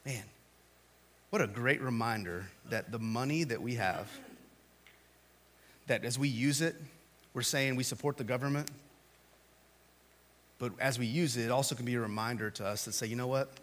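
A man's voice: mid-range voice, moderate pace, long pauses. Man preaching a conversational sermon. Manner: conversational preaching, rising to loud animated bursts. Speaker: pastor.

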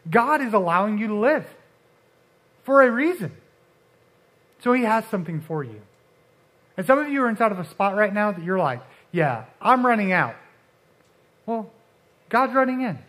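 A man preaching a casual, conversational sermon, often restarting and dropping suddenly soft for emphasis. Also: sits high, very animated, moderate pace, pauses often. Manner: conversational, uses filler like and restarts, dramatic drops to soft.

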